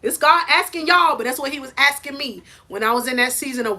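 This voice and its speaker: Woman, bright sharp voice, animated motivational faith talk, phone live stream. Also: sits high, fast talker. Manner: preachy and animated, laughs and rises to near shouting. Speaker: life coach.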